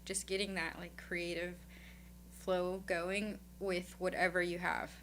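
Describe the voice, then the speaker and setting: A woman co-hosting a casual interview, talking in a relaxed, chatty way. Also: lowish voice, a little slow, slight background noise. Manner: relaxed, chatty, full of likes. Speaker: podcast co-host.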